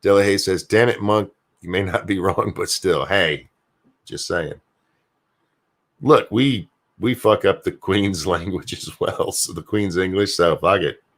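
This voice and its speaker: An older grandfather from the United States runs a solo live stream, casually reading viewer messages aloud and cursing freely as he rambles. His voice sits low, and his pace is measured.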